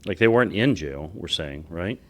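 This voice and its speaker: Man with a very deep voice. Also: expressive. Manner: short reactions and quick jokes. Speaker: podcast co-host. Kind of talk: casual chat.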